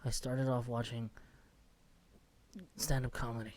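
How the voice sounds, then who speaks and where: A young man with an everyday mid-pitched voice rambles through a solo podcast episode. He swears freely and mocks himself as he goes. He is recording in a small office room. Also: level tone, a little slow. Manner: rambling, profane, self-mocking. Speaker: podcast host. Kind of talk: casual solo rant. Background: music playing softly.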